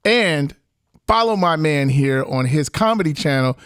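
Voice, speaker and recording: A man co-hosting a podcast, chatting about sports in an animated way, often laughing and talking over his partner. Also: a little high, measured pace, clear, resonant tone, dry recording, studio quality. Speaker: podcast co-host. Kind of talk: casual sports chat.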